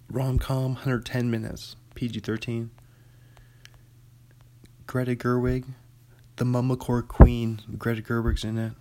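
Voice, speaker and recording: A man's voice: mid-range voice, creaky, a little mellow. A man hosting a casual solo chat who jokes, laughs at himself and reads a book aloud. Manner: joking, self-mocking, laughs often.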